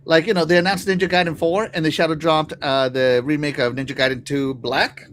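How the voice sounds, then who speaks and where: A man's voice: fairly high pitch, a little fast, a little hiss or hum. A man hosting a casual gaming podcast, joking around and reading out chat comments. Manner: animated, jokey, reads out chat comments. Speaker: podcast host.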